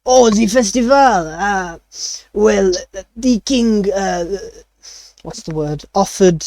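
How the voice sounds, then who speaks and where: A tall, skinny chef with a thick French accent, anxious and forever searching for the right word. A man puts him on in a raised, brighter voice over a dry, close recording. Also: high voice, takes it slowly, dry recording. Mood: fumbling. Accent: French (put on). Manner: fumbling for words, anxious.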